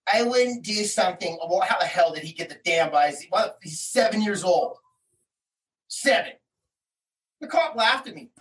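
A man's voice: high-pitched, animated, normal speed, long pauses, a bit bright, a little hiss or hum. A man telling a personal story in an interview, in rambling, slangy, heated talk full of quoted exchanges. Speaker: interview guest. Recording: voice somewhat distant from the mic.

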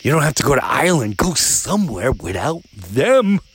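A man hosting a podcast, telling a travel story in a casual, animated way, often repeating himself and restarting sentences. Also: normal speed, slightly rough. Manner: animated, with big jumps up in pitch when excited. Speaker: podcast host and comedian.

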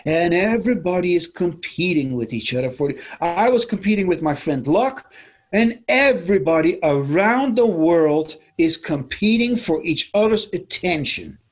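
A man's voice: high-pitched, lively intonation, moderate pace. A middle-aged man from the Netherlands, talking in a reflective interview, musing and repeating his phrases. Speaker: interview guest, former seminar leader.

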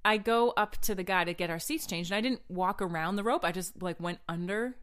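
A woman's voice: fairly low pitch, a little fast. A woman co-hosting a podcast, telling a travel story in casual chat, laughing often and acting out the people in it. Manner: animated, laughing, acts out other people's voices. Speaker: podcast co-host.

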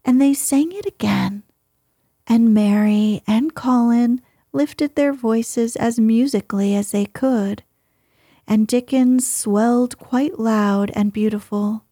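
A woman reading a novel aloud in whispered storytelling, soft and gentle, close to the mic. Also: on the high side, slow, no room sound.

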